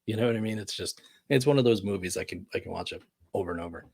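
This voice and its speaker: A man's voice: fairly low pitch, brisk, vocal fry, darkish tone, breathy edge, no room sound, clean studio sound. A man joining as a guest in a casual movie chat, talking in a laid-back way that trails off.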